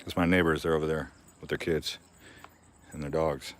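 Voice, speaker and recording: A man's voice: rumbling low, level tone, moderate pace. A young man hosting a casual live-stream Q&A from his backyard garden, rambling and laughing often. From Arizona.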